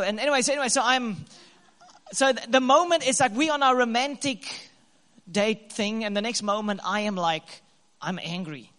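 A man telling a lively story to couples, laughing and acting out his own lines. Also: high-pitched, normal speed, in a large hall. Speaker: co-host, husband speaking to couples. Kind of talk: animated storytelling talk.

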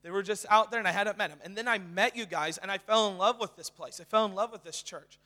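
Young man, guest preacher, casual excited sermon, lots of fillers, high-pitched, echoing church hall. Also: fast. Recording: reverberant hall.

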